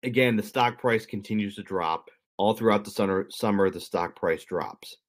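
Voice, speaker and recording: A man with a slightly low voice talks through a story on a podcast. He keeps it conversational and drops in jokey asides for his co-host. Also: moderate pace.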